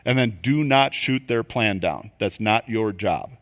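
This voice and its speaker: An older man teaches a room of church group leaders in a loose, conversational way. He is animated and keeps slipping into quick acted voices and asides to make his points. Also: lowish voice. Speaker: leadership coach. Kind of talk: church training talk. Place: church venue.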